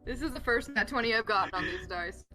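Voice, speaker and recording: A young woman playing a tabletop game, playful and excited, giggling often. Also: on the high side, fast, faint music behind. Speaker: player. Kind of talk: tabletop game chat over a voice call.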